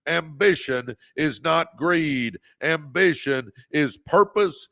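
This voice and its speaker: Fervent man, gravelly voice. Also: a little high, slow. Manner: preacher-like, fervent, calls viewers baby, shouts encouragement. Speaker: livestream host. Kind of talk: motivational livestream talk.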